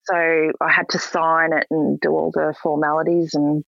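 A young woman tells her story in a gravelly, husky voice, jumping into quoted lines with lively energy. The recording is dry and a bit dull. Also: deep voice, moderate pace, no room sound. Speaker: guest. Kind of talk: casual storytelling.

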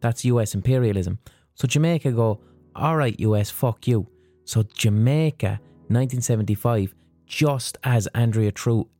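A man's voice: on the low side, dark tone, no room sound. A man hosting a podcast, telling a story in a casual, profane monologue. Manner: profane, storytelling with acted-out quotes. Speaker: podcast host.

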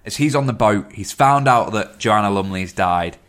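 A man's voice: on the low side, normal speed, a bit bright. A man in a casual film chat, recapping the plot thoughtfully with many fillers.

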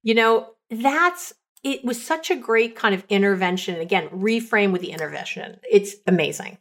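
Woman coach and podcast host; chatty, animated storyteller, mid-range pitch. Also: normal speed. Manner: chatty, animated retelling of client stories; lots of "like" and "you know" fillers. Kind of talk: casual advice podcast.

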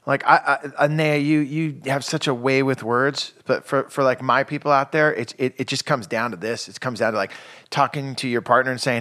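A man hosts a casual parenting podcast, talking in a loose, rambling way full of restarts and fillers. His pitch sits mid-range and his tone is relaxed and friendly. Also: brisk. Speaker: podcast host. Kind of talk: casual chat.

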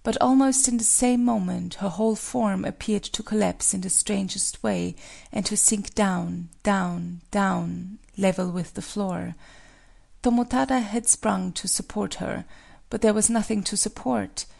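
A woman reading a folk tale as scripted narration, in a measured, solemn way. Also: medium pitch, steady tone, vocal fry, a little mellow. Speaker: storyteller.

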